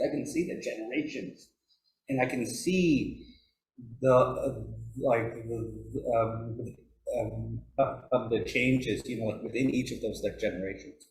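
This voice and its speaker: A man telling stories at a forestry workshop, pausing often with fillers and lifting his pitch when he quotes elders. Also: darkish tone, slight background noise. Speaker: workshop speaker. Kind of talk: storytelling talk. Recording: echoey room.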